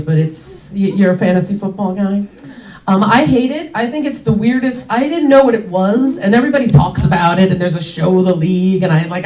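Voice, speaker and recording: A woman's voice: medium pitch, a little mellow, roomy sound, recorded from a distance, poor audio. A young adult woman doing a stand-up comedy set on a club stage, chatty and indignant, with lots of "like" fillers.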